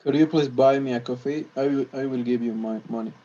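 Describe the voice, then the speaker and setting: A man learning English, practicing polite requests and often pausing to search for words. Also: mid-range voice, steady tone, mellow, dull audio. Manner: hesitant, restarts, searches for words. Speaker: English student.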